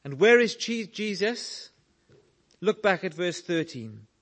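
A man preaching a sermon, slow and earnest, telling stories to make his point. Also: high-pitched, big pitch swings, a bit bright.

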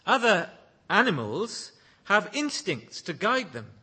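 A man's voice: big pitch swings, takes it slowly, breathy edge. A man preaching a sermon, leading prayer and reading scripture aloud in an earnest way. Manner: earnest, rising to loud exclaims when quoting praise; leads prayer in a hushed, low voice.

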